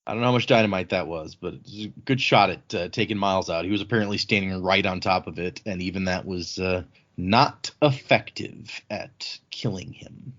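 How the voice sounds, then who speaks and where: A man hosting a casual book discussion podcast, retelling a scene in a rambling, animated way with lots of filler words. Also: low-pitched, a little fast, muffled recording. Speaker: podcast host.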